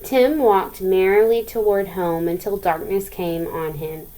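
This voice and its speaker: A woman teacher reading a storybook aloud to students, pausing to chat and ask them questions. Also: mid-range voice, fairly even intonation, warm tone, rough recording. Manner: chatty, asks the listeners questions.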